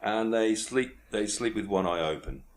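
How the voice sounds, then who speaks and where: A man's voice: lowish voice, normal speed. A man, co-hosting a comedy podcast, delivering facts in a dry, matter-of-fact way. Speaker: co-host.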